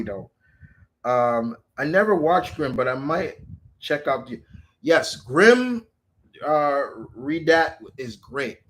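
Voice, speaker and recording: Rambling man in casual chat. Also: on the high side. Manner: rambling, restarts often, animated quotes. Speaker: channel host.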